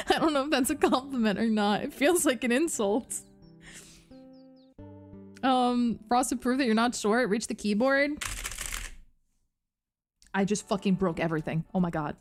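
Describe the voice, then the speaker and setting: A young woman streamer with a New Jersey accent chats loosely with her viewers, reading their comments aloud. Her voice sits a little on the high side, and she giggles a lot and swears freely. Soft music plays quietly under her talk. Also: animated, normal speed, long pauses. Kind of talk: casual live-stream chat, reading chat aloud. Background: faint background music.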